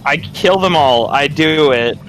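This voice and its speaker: A man's voice: a little high, measured pace, a bit bright, a little hiss or hum, low-quality recording. A man playing a tabletop game, joking as he describes his character's moves. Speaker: player.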